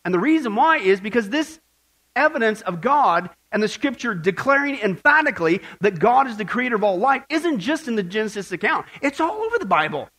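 A man's voice: sits high, big pitch swings, a little fast, a bit bright. A man preaching a sermon, reading scripture and asking the audience questions, with jokes and emphatic asides. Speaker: pastor.

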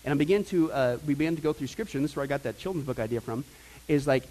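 A middle-aged pastor preaching a casual, energetic sermon, moving from quiet asides to loud emphasis. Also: male voice, fairly high pitch, fast talker, a little hiss or hum, rough recording. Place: church sanctuary.

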